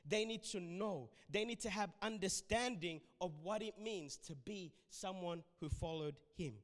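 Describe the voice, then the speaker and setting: A man's voice: sits high, normal speed, in a large hall. A man preaching a sermon in a church, emphatic and urging his listeners. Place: church hall.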